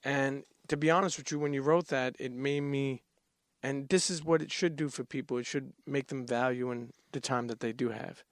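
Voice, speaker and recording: A man's voice: medium pitch, steady tone, normal speed, no room sound, studio quality. Earnest man hosting an interview. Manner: earnest, repeats words, reads quotes aloud. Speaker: podcast host. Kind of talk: casual interview chat.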